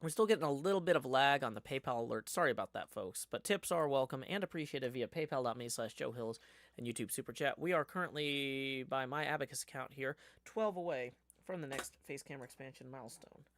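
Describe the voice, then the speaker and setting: A man's voice: medium pitch, fairly quick, a bit bright, no room sound. A man chatting casually on a live stream, reading viewer comments aloud and answering them in a rambling way.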